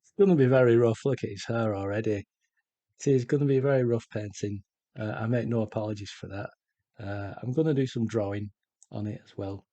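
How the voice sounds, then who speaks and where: A middle-aged man chatting casually while he paints, slow and rambling with many pauses. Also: on the low side, mellow, no room sound. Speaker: art vlogger.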